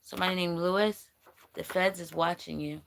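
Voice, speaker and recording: A woman's voice: on the low side, steady tone, brisk, gravelly, a bit bright, a little hiss or hum. A woman giving a rambling, blunt spiritual reading on a livestream, swearing casually as she goes. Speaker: spiritual reader.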